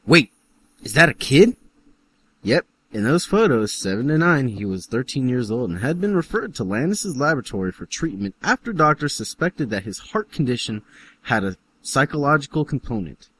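A man's voice: mid-range voice, very animated, fairly quick, fairly bright tone, slight background noise. A man co-hosting a casual podcast, reading an article aloud and adding dry jokes. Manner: reads aloud with dry jokes and sudden laughs.

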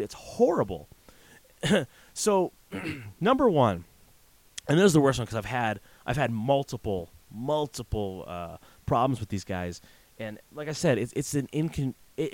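A man's voice: mid-range voice, no room sound. Exasperated man ranting on camera. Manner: exasperated, storytelling with acted quotes. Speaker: vlogger. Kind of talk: casual ranting monologue.

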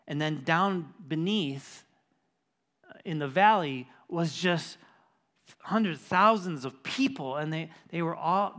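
Pastor telling a story from the pulpit, man with a slightly high voice, dropping to near-whispers and climbing to urgency. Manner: retells a conversation, voice dropping to a hush then rising intense. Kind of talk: sermon storytelling. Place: church.

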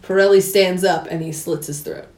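A woman's voice: fairly low pitch, steady tone, normal speed, darkish tone. A woman co-hosting a podcast, casually retelling a film's plot and acting out the characters' lines with laughs. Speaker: podcast co-host. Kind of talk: casual chat recapping a film. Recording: roomy sounding room.

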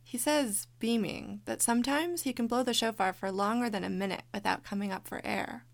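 A woman's voice: a little high, fairly quick, creaky, no room sound. A woman co-hosting a podcast, narrating a documentary story in a descriptive, storytelling way. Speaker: podcast co-host.

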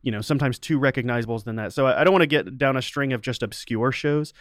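A man's voice: mid-range voice, fast, dry recording, clean studio sound. A middle-aged man talking casually as an interview guest, rambling with many restarts and fillers. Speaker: podcast host and sound designer, interview guest.

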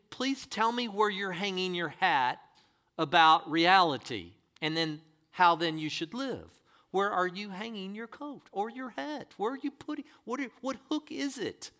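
A man's voice: high voice, sharp tone. A man preaching a sermon as pastor, reading scripture and pressing the congregation with emphatic rhetorical questions.

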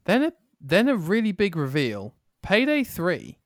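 A man's voice: high voice, wildly swooping pitch, unhurried, dry recording, studio quality. A man co-hosting a gaming podcast in casual chat, leading the rundown and putting questions to his co-host.

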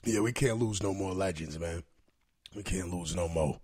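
A man's voice: deep voice, normal speed, darkish tone. A man hosting a podcast, chatting casually in a loose, profane way. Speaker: podcast host. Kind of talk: casual chat.

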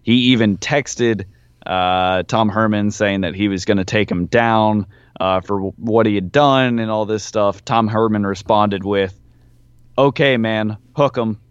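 A man co-hosting a sports podcast with a low, smooth voice. He talks in a laid-back, matter-of-fact way, and the recording is dry and a little dull. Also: fairly even intonation, a little slow, dry recording. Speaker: podcast co-host. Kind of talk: casual sports chat.

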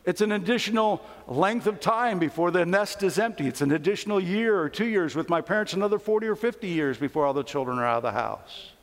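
A man in his fifties delivers a sermon in a conversational, storytelling manner. His voice sits notably high for a man. The church sanctuary lends a long, trailing reverb. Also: lively intonation, fast talker, hardly any pauses. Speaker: preacher.

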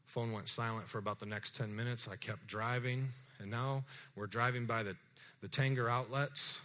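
A middle-aged man, a pastor preaching a sermon as a lively story, acting out dialogue and asking the congregation questions. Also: fairly low pitch, normal speed.

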